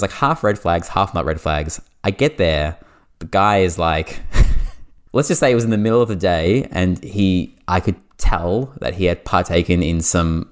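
An Australian man hosting a podcast, telling a story in casual chat, animated and full of "like" fillers. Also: sits low, smooth. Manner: animated, fast anecdote with lots of "like" fillers. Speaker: podcast host.

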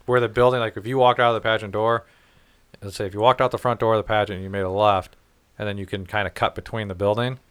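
A man's voice: fairly low pitch, flat delivery, fast talker, clear, resonant tone, no echo. A man from the St. Louis area talking bluntly in a casual podcast chat, swearing and laughing often. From St. Louis area, United States.

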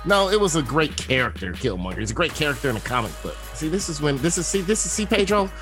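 Animated man telling stories on a podcast. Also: fairly high pitch, fast, music in the background. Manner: animated storytelling, acts out quoted voices, loud outbursts. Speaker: podcast host. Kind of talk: casual chat.

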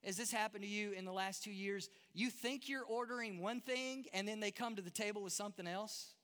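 A man's voice: high-pitched, fairly quick, a bit bright, smooth. A man with a Texan accent, preaching a conversational, self-deprecating sermon to a church congregation, often restarting words. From Texas. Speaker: pastor. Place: large church hall. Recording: long hall reverb.

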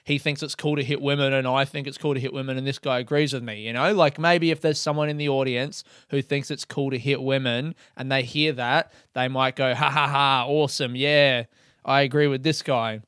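A man's voice: medium pitch, fairly even intonation, a little fast, hardly any pauses, fairly bright tone, clear, resonant tone, no echo. A man hosting his own podcast in a casual solo monologue, talking in a candid, reflective and slightly self-mocking way into a close microphone. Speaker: comedian and podcast host.

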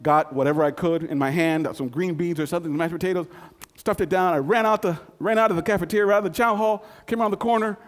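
A man in his fifties telling a personal story in a folksy, conversational way with dramatic pauses. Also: high-pitched, in a large hall.

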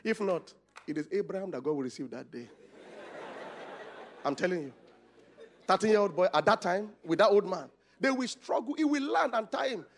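A man's voice: high-pitched, lively intonation, moderate pace, pauses often. A Nigerian male pastor preaching a conference sermon, calling out questions for the congregation to answer. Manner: call-and-response, shouting questions.

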